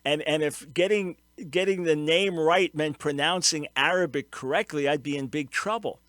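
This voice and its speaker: A man's voice: a little high, normal speed, fairly bright tone, no room sound. A man hosting a call-in radio show, explaining with earnest emphasis and taking callers.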